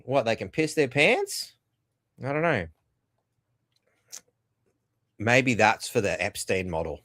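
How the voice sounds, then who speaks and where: A man's voice: mid-range voice, very animated, normal speed, a bit bright, dry recording, clean studio sound. An Australian man hosting a podcast, delivering a rambling, profane, sardonic rant. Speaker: podcast host. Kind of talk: ranting commentary.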